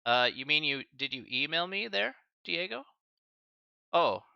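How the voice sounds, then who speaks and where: A man teaching a math class on a live stream, saying goodbye to his students in a halting, emotional and casual way, often calling them buddy and man. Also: on the high side, animated, gravelly, pushed and bright, clear, resonant tone, no echo, highs cut off. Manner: halting and choked up, many restarts and sighs; casual, friendly, calls listeners buddy and man. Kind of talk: emotional farewell talk to a live stream chat.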